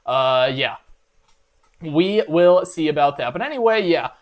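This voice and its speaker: Rambling man with a slightly high voice. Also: animated, unhurried. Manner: rambling, mock-enthusiastic, many filler uhs. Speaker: reaction video host. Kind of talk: comedic reaction commentary.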